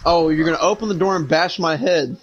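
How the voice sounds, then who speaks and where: A man's voice: a little high, fairly quick, muffled recording, a little hiss or hum. A man in casual gaming chat with friends, bantering in a crude, teasing way. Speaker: gamer.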